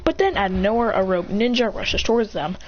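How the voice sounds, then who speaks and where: A woman's voice: medium pitch, lively intonation, fast talker, highs cut off, a little hiss or hum. A woman in casual storytelling, animatedly retelling a fan story and acting out lines and sound effects.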